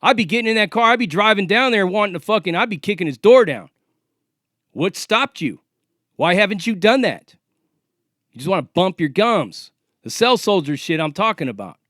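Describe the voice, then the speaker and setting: A man's voice: high-pitched, animated, moderate pace, fairly bright tone, dry recording, studio quality. A man in his forties, from California, ranting to the camera in a confrontational, profane and taunting way. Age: 40s. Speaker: vlogger.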